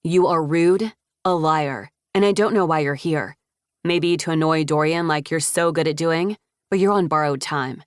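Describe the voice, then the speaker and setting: A woman's voice: deep voice, normal speed, no echo, clean studio sound, natural voice. A woman narrator voicing a blunt, fiery young woman in an audiobook, snapping sharply. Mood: angry.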